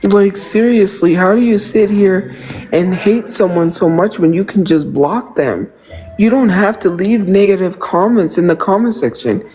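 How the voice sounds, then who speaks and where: A woman's voice: mid-range voice, a little slow, warm tone, soft background music, poor audio. Ranting, profane woman livestreamer. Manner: indignant, profane, heavy use of "literally" and "like". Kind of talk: livestream rant to viewers.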